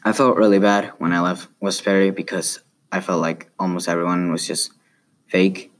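A deep-voiced young man reads a personal essay aloud. His light South American Spanish accent colors the words, and his delivery is plain and earnest. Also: little pitch movement, moderate pace. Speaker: student.

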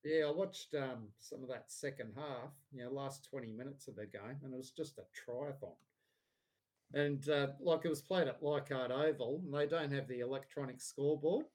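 A man's voice: mid-range voice, moderate pace, darkish tone. A man co-hosting a podcast, giving opinionated, blunt takes on sport in casual banter. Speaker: podcast co-host. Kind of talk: casual chat.

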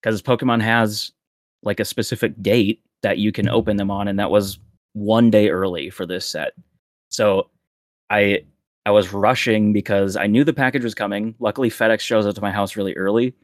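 A young man talking as a guest on a podcast, rambling in a relaxed way with frequent laughs and fillers. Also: fairly low pitch, normal speed, no room sound, clean studio sound. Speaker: guest content creator. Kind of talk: casual podcast chat.

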